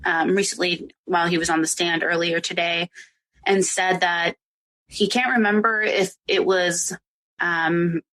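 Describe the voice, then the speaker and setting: A woman's voice: on the low side, steady tone, measured pace, fairly bright tone. A woman podcast host chatting casually on a live stream, full of "like" and "um". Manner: chatty, lots of "like" and "um". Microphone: home microphone for a live stream.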